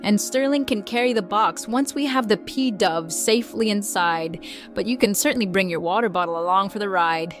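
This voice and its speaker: A woman voicing a calm, gentle mother who tends hurt creatures, speaking softly and patiently in a bedtime story reading. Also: mid-range voice, moderate pace, faint music behind, close to an everyday voice. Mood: reassuring. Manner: soft, reassuring, patient.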